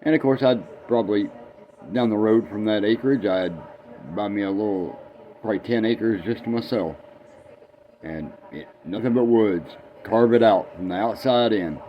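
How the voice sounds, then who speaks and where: A man's voice: on the low side, normal speed, muffled recording, slight background noise. A man, rambling folksy and self-deprecating as he tells a joke in a casual vlog from his garage. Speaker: vlogger.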